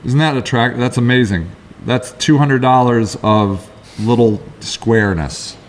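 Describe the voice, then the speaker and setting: A middle-aged man co-hosting a casual talk show, telling rambling stories in quick, lively bursts. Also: mid-range voice, slight background noise. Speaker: co-host. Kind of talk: casual chat.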